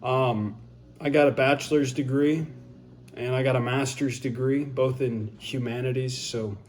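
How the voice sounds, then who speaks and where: A young man, a high school English teacher, answering a list of questions in a measured, slightly formal way. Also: steady tone, darkish tone. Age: young adult. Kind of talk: answering questions for a video update.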